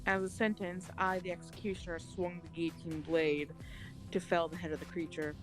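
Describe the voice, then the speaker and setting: Woman reading a game in a deadpan voice. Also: deep voice, a little fast, over music, low-quality recording. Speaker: let's play host. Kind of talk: reading a visual novel aloud.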